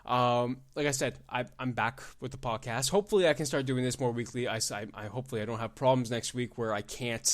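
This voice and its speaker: A young man hosts his own podcast alone, ranting in a loose, profane way. He jumps from loud, excited outbursts to low mumbling asides and keeps laughing at his own jokes. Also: fast, hardly any pauses. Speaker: podcast host. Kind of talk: casual solo podcast rant.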